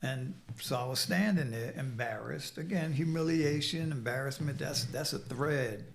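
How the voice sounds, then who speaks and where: Gravelly streetwise man in his sixties. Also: mid-range voice, moderate pace. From New York City. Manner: streetwise, blunt, profane storytelling. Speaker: guest. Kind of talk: recovery story interview.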